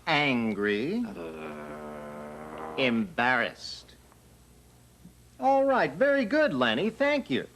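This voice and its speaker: A man acting as an interviewer in a scripted language course dialogue, brisk as he calls out words one by one. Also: fairly high pitch, sing-song, fairly bright tone, slight background noise.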